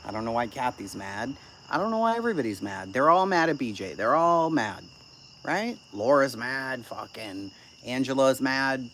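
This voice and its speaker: Casual streamer-host, lively sing-song delivery, swears freely, sarcastic edge, faint crickets in the background. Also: medium pitch, normal speed, slight background noise. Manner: blunt, profane, sarcastic. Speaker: channel host reading live chat. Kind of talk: casual live-stream commentary.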